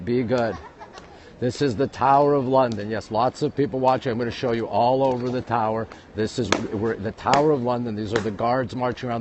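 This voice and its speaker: A man with a lowish, slightly dark voice leads a chatty livestreamed walking tour outside a historic castle, with a little background noise. Holding his phone as he walks, the tour guide greets viewers and repeats himself.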